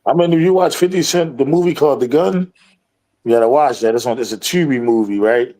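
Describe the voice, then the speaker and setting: A man's voice: mid-range voice, fairly quick, warm tone, rough recording. Laid-back man chatting in slang. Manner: laid-back slang, often asks "you feel me". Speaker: podcast co-host. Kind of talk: casual chat.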